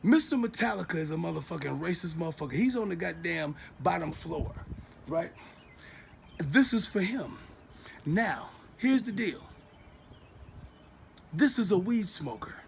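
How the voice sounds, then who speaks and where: A man filming a profane, confrontational vlog rant, talking loudly with a swaggering, repetitive delivery. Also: high voice, lively intonation, unhurried, gravelly, pauses often, a little hiss or hum. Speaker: vlogger.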